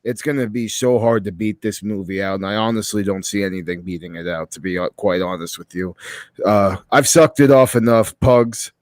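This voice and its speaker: A man's voice: fairly low pitch, normal speed, no echo. A man co-hosting a podcast, giving a profane, enthusiastic movie review in casual chat. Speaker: podcast co-host.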